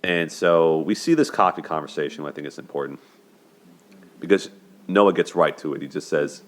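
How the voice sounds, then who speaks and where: A man's voice: extremely low pitch, moderate pace. A man hosting a show, casually breaking down a movie's romance in a chatty way, often checking in with "right?" and laughing. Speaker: host of a dating and movie commentary show.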